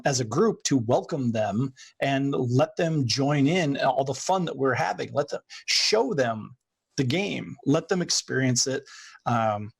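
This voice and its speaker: Male co-host, husky voice, earnest and enthusiastic. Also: mid-range voice. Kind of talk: casual podcast chat.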